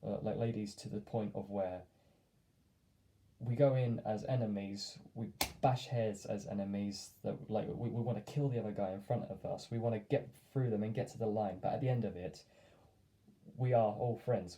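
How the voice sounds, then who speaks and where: A man's voice: fairly low pitch, steady tone, moderate pace, warm tone, poor audio. A man telling a casual story to camera, rambling with lots of fillers and friendly asides. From England. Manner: rambling, many fillers and hedges, friendly sign-off. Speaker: vlogger.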